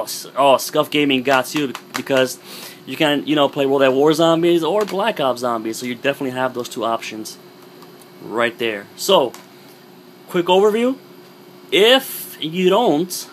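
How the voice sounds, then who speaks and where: Young male gaming vlogger, voice going hoarse, loose rambling delivery, mid-pitched, faint hum behind. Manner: rambling, filler-heavy, relaxed. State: losing his voice. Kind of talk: casual product review.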